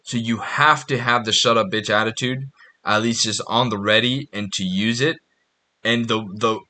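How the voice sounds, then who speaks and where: A male podcast host rambles through a casual monologue, blunt and profane. His voice is bright and forceful at an ordinary middle pitch, and he restarts his sentences often.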